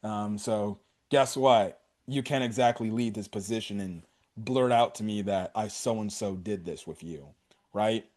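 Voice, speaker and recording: A man voicing a sleazy male film director who speaks in a smug, low drawl with a veiled threat. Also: unhurried, darkish tone, close to an everyday voice. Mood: smug, threatening.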